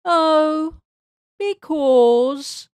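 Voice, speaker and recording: A woman voicing a jolly, playful old rabbit gentleman in a storybook read-aloud. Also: high-pitched, moderate pace, dry recording.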